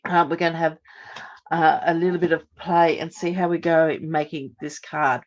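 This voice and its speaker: A middle-aged woman hosts a live card-making demonstration. Her voice is a little hoarse as she recovers from losing it, and she explains each step in a chatty way with many ums. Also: sits low, little pitch movement, moderate pace, highs cut off. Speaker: crafting live-stream host.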